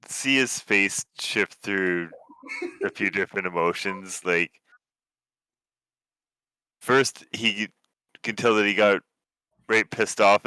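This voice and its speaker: A man's voice: low-pitched, pushed and bright, clean tone, no room sound. A man narrating as game master of a tabletop game, loose and full of fillers.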